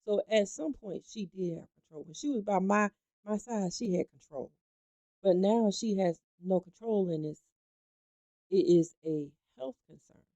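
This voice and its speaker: A woman's voice: medium pitch, moderate pace, mellow, no room sound, highs cut off. A woman hosting a gossip talk show, chatting emphatically and speaking straight to her viewers. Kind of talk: animated gossip commentary.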